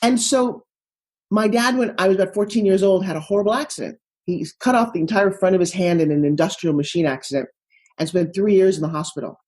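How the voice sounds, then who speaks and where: A middle-aged woman from Long Island, New York, with a Long Island accent, telling stories as a guest in a casual interview, animated and self-mocking. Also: mid-range voice, husky. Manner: animated, quick asides and self-mocking humor.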